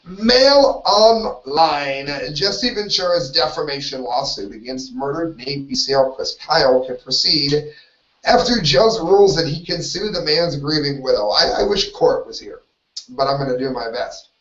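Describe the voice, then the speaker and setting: A man's voice: fairly high pitch, unhurried, a bit bright. A man hosting a solo live talk show, rambling and opinionated, often stopping himself mid-sentence. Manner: rambling, opinionated, self-interrupting. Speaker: host. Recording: roomy, distant, dull lo-fi audio.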